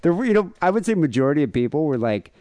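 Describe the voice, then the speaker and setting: A man's voice: on the high side, sing-song, rapid-fire, a little mellow, no echo, clean studio sound. A man co-hosting a podcast in casual comedic chat, rambling with lots of fillers and jokey asides. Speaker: podcast co-host.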